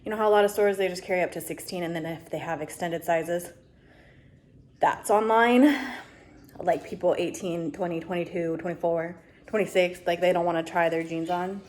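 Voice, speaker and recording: A woman vlogger chats casually to her camera, ranting and exasperated as she talks her way through her errands. Her voice is lowish and darkish, with fairly even intonation at a normal speed, and there's slight background noise.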